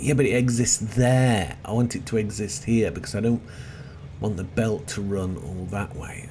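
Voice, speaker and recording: A middle-aged man plays a game while offering chatty, self-deprecating commentary, often muttering to himself. His voice is on the low side and darkish, at a normal speed. Seagulls add to a noisy background.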